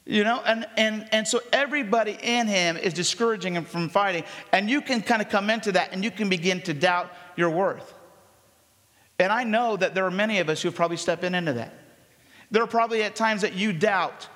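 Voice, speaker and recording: High-voiced man preaching in a reverberant church. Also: brisk. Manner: conversational, energetic preaching with quoted voices. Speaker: pastor. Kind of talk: sermon. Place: church sanctuary. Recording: long reverb of a church hall.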